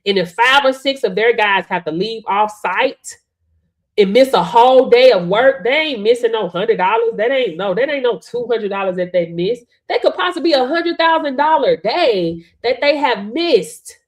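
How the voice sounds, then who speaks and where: Woman coach on a live stream, a bit high-pitched, emphatic, keeps checking in with viewers. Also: expressive, normal speed. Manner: emphatic, punctuates with "right?" and "Hello?", calls on viewers. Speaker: business coach.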